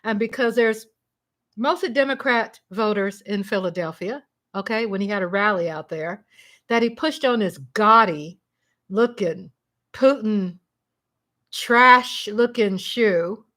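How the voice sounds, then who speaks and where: A woman hosting a casual livestream from home, chatty and excitable, breaking into shouts and laughter. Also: medium pitch, a little slow. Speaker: livestream host.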